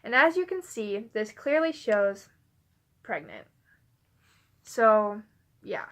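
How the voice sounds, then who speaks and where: A woman's voice: on the high side, animated, takes it slowly, a bit bright. A young adult woman vlogging, telling a personal story in a rambling, casual way with many "like" fillers.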